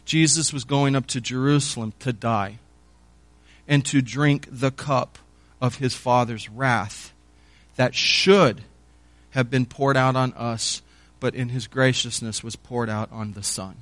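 A man's voice: medium pitch, steady tone, takes it slowly, a bit bright, no room sound. A man preaching a sermon in an earnest teaching tone, rising in force when stirred.

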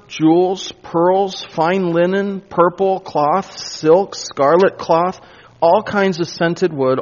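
A male pastor working through scripture in a sermon, pressing his points with emphasis and sinking to a quiet hush when he wants them to land. His voice sits a little high. The recording is dull and lo-fi. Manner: emphatic, drops to a hush for weight. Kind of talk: expository sermon.

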